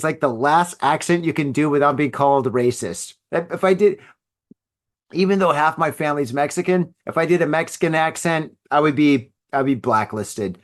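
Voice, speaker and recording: A middle-aged man hosting a solo podcast, rambling casually with lots of filler and laughing at his own jokes. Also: on the high side. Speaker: podcast host.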